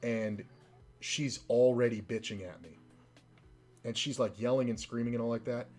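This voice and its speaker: A man's voice: mid-range voice, steady tone, normal speed, a little mellow, faint music behind. A man streaming a game and chatting casually, telling a rambling, profane story between side comments on play. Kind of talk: casual storytelling while gaming.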